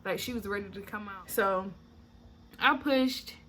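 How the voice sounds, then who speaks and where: A woman's voice: medium pitch, a little slow, sharp tone. A young woman vlogger telling a candid, chatty story, blunt and swearing freely. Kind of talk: casual story time.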